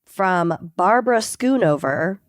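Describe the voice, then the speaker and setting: A woman's voice: lowish voice, expressive, takes it slowly, dry recording, clean studio sound. Upbeat woman co-hosting a podcast. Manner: upbeat, laughing banter. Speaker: podcast co-host. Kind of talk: casual chat.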